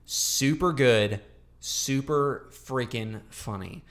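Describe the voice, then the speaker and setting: A man's voice: medium pitch, takes it slowly. A young man co-hosting a podcast, talking casually and rambling with lots of fillers and restarts. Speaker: podcast co-host. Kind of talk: casual chat.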